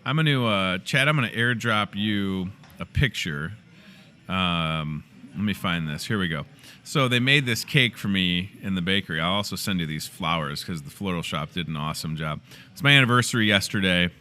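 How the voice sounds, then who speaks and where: Midwestern male host, young, crisp bright voice, easygoing and jokey, in-store promo chat. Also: sits low, lively intonation, moderate pace. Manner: chatty, playful, joking asides. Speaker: host of a store's daily show. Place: inside a grocery store.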